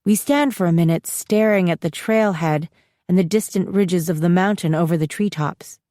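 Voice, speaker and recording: Woman audiobook narrator, first person, lowish voice, dry booth sound, steady pace. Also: normal speed, no echo.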